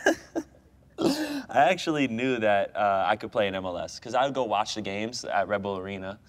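A man's voice: fairly low pitch, a little fast. A young American man, a guest goalkeeper, telling stories in casual chat with lots of fillers and laughter. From United States. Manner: animated storyteller, laughs often, many fillers.

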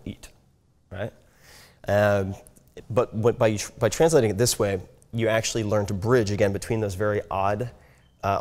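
Casual man explaining language learning. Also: fairly low pitch. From United States. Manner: conversational, frequent "right?" check-ins. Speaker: speaker teaching language learning.

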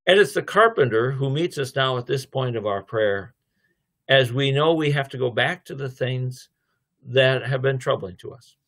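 A man's voice: medium pitch, moderate pace. Middle-aged guy giving a faith lecture, storytelling, acts out the dialogue. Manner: lively storytelling, acting out dialogue. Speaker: theology lecturer.

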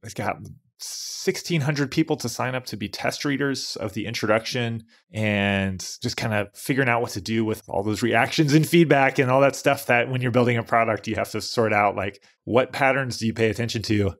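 A man co-hosting a podcast, talking in a relaxed, thoughtful, casual way. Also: mid-range voice, normal speed. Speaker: podcast co-host.

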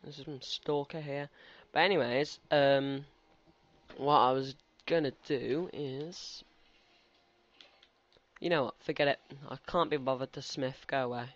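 Rambling teen gamer, muffled. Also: male voice, mid-range voice, fairly even intonation, measured pace. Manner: rambling, chatty, talks back to game characters. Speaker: gaming commentator. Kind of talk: casual let's-play commentary. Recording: slightly muffled lo-fi recording.

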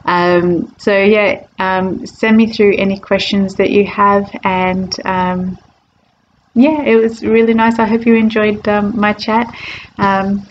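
A woman's voice: mid-range voice, steady tone, slow pace. A woman telling her personal story in a casual, hesitant way, with frequent ums and restarts and easy laughter. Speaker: convert sharing her story. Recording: dull lo-fi recording, faint noise.

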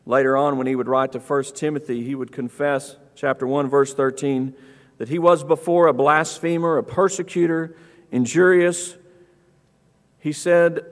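A man preaching a sermon in a church, reading scripture aloud and acting out the quoted speakers with rising, lively emphasis. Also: moderate pace. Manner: animated, acts out scripture quotes with raised pitch. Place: church auditorium. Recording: long church hall reverb.

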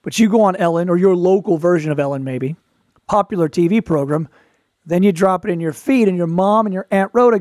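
A man with a fairly high voice talks through showbiz advice in a relaxed, wry storytelling way and tosses in quick asides. The recording is dry and close, with no room sound. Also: no room sound. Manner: quick asides and playful put-on voices for quotes. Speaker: podcast host, performer. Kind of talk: casual advice talk.

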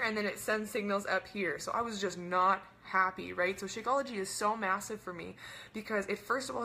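A young woman hosting a webinar as a wellness coach, talking fast and bubbly in a casual chat full of "like" and "right?". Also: mid-range voice, sharp tone, slight background noise.

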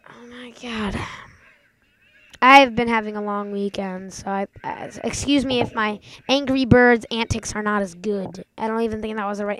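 A young woman hosting a gaming channel, giving casual let's-play commentary and yelping and shouting catchphrases as she plays. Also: medium pitch, a little hiss or hum. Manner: excitable, yelps and shouts catchphrases.

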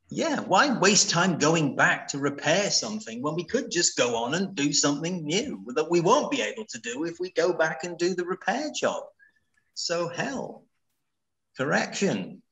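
A man's voice: on the high side, big pitch swings, a little slow, fairly bright tone, poor audio. Man presenter answering webinar questions. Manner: anecdotal, conversational, with rhetorical questions. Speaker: workshop presenter.

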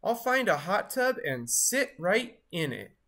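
A cheerful, shivering snowman, as a woman reads him aloud, stretches his words slowly and lets his voice swoop around. He sounds childlike and friendly, a storybook character fighting the cold. The delivery is unhurried and lively. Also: medium pitch, exaggerated voice.

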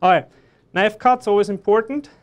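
A man's voice: sits high, normal speed, dull audio, a little hiss or hum. A man chef teaching a live online cooking class, chatty and joking as he explains each step while he works in a kitchen. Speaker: chef instructor.

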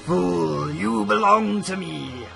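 A man voicing a menacing male undead pirate overlord in a deep pirate voice, reading game dialogue. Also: animated, takes it slowly, gravelly, music in the background, full character voice.

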